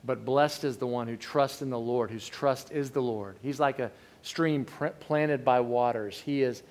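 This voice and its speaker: A man's voice: medium pitch, a little slow. A middle-aged man preaching a sermon in a candid, conversational way, often restarting his sentences. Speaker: pastor.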